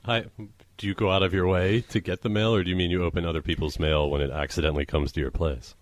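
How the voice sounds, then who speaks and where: A man's voice: deep voice, steady tone, fast talker, no room sound. A man co-hosting a casual comedy podcast, reading odd news aloud and laughing often. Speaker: podcast co-host.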